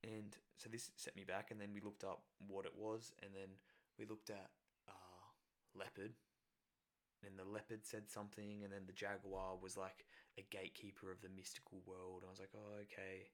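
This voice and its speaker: A man's voice: low voice, monotone, normal speed. A man casually recounting a personal experience, rambling with many fillers and self-corrections. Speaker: storyteller.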